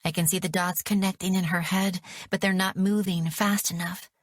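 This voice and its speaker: A woman narrating an audiobook in the first person, measured and dramatic. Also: fairly low pitch, level tone, no room sound, studio quality.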